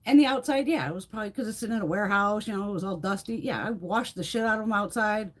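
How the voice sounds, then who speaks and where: Hosting a live beauty stream, a woman with a mid-range voice chats fast and casually while giving a room tour. She curses nonstop, stays blunt and animated, and laughs a lot as she talks.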